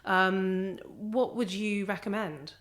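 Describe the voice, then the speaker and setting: A woman's voice: mid-range voice, takes it slowly, a bit bright. A young woman hosting a podcast interview, affirming her guest and asking searching questions. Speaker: podcast host. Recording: roomy echo.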